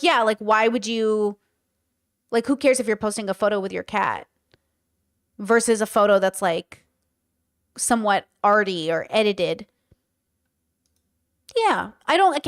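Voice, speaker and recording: A woman's voice: mid-range voice, expressive, normal speed, pauses often, no echo, clean studio sound. A young woman giving casual, opinionated commentary with many fillers as host of a reaction show. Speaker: host reacting to a podcast clip.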